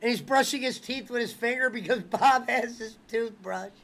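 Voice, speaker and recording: High-voiced guy, casual host, excitable, swears constantly, acts out scenes. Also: moderate pace. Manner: excitable, swears a lot, keeps acting out movie lines. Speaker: watch-along host. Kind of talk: casual profane chat.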